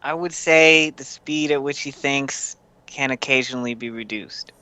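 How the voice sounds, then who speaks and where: A man's voice: medium pitch, normal speed, bright, forceful tone, clean tone, dry recording. A man playing a tabletop game in character, speaking in a stiff, overly formal way. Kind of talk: in-character role-play.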